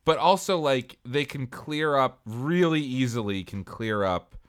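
A man's voice: mid-range voice, animated, a little slow, clean tone. A man co-hosting a podcast in casual chat, chiming in with wry jokes and agreement. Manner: wry, joking interjections. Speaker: podcast co-host.

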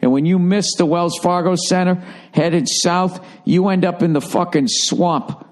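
A man's voice: high-pitched, fairly even intonation, unhurried. A middle-aged man hosting his podcast, telling a rambling, profane comic story and mocking himself along the way. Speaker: comedian and podcast host.

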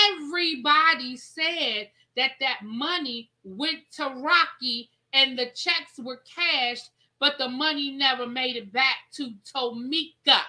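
A woman's voice: sits high, sharp tone, poor audio. A woman hosting a casual commentary show, talking in a sassy, emphatic way and drawing out her repeated phrases. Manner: sassy, emphatic, drawn-out repetitions. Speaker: show host.

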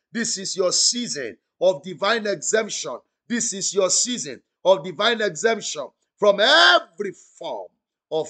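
A man's voice: fairly high pitch, sharp tone. A male pastor praying fervently, repeating declarations and breaking into tongues during an online broadcast. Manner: fervent, repetitive, chanting, speaks in tongues; commanding calls for audience response. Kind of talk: prophetic prayer on an online broadcast.

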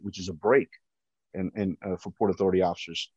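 A man with a big, loud voice, a police officer giving personal testimony. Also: low-pitched, fairly even intonation, brisk, husky, no room sound. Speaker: police officer telling his story. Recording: dull, dry lo-fi recording.

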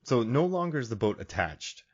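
Male podcast host, comic retellings, very lively delivery, slightly husky. Dull lo-fi audio. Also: mid-range voice, normal speed. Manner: animated, laughing retelling. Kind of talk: casual comedic chat.

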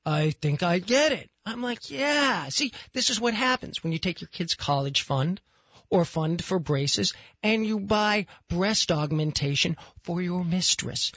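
A man hosting a talk radio show, telling a story in an animated, exasperated way. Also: sits high, a little slow, dry recording, highs cut off. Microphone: studio microphone.

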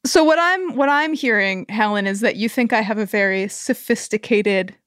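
A woman's voice: mid-range voice, moderate pace, fairly bright tone, clean tone, dry recording, clean studio sound. A woman co-hosting a podcast, recapping a TV show with wry, sarcastic quips. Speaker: podcast co-host. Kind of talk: casual TV recap chat.

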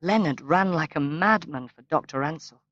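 A man reading a novel aloud as an audiobook narrator, in a slow, measured way. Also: a little high, a bit bright, no room sound. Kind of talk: scripted narration. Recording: dull, lo-fi, dry recording.

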